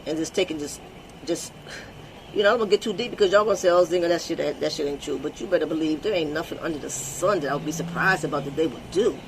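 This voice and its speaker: A woman's voice: low voice, fast talker, a little hiss or hum. A woman hosting her own vlog, talking bluntly and emphatically in an unscripted monologue, swearing freely and repeating words as she restarts. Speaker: vlog host.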